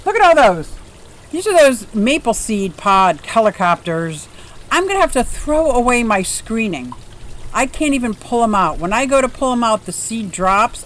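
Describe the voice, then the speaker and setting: A bubbly woman in her fifties hosts a casual livestream from her yard, greeting viewers by name. Her pitch sits mid-range and a faint hiss of outdoor noise stays behind her. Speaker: livestream host.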